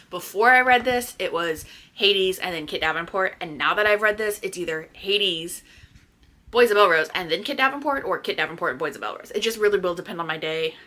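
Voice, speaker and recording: A woman chatting casually to her viewers about books she has read, gushing with excitement and swearing freely. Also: on the low side. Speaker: book vlogger. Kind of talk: casual chatty book review.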